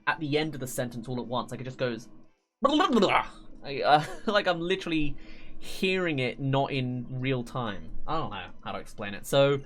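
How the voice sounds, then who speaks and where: A man streaming a game, talking in a loose, rambling way. He trips over his words and breaks into laughter often. Faint game music plays softly underneath his voice. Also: mid-range voice, expressive, brisk. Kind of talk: live-stream gameplay commentary.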